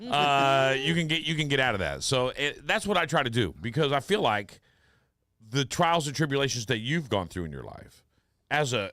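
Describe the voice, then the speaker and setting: A man in his fifties hosting a radio talk show, telling stories in an animated, emphatic way with plenty of swearing. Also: mid-range voice, no room sound, clean studio sound. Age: 50s. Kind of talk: casual chat.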